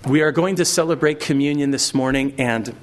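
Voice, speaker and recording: A pastor preaching a sermon in a conversational way, with fillers, repeated words and storytelling. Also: male voice, medium pitch, brisk, slight background noise.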